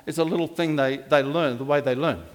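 An older male pastor delivers a sermon, his voice pitched notably high for a man. He rambles, drifts into side stories and trips over restarts. The sound rings with long reverb in the church hall. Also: steady tone, a little fast. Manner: rambling, digressive, with frequent restarts.

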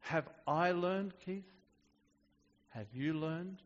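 A man's voice: fairly high pitch, very slow, big-room sound, muffled recording. A man preaching a sermon in a conversational way, often restarting his sentences. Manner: conversational with frequent restarts and fillers.

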